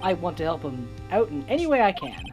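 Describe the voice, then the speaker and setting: A woman's voice: fairly low pitch, very animated, a little fast, music in the background. A woman voicing a nervous young male rookie lawyer in a game, speaking earnestly. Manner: earnest, slightly unsure.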